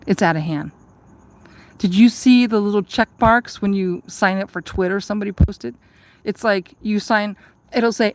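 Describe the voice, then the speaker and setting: A woman's voice: mid-range voice, lively intonation, moderate pace, no room sound. A woman vlogger telling a rambling, profane story in a casual chat, ranting and laughing at herself.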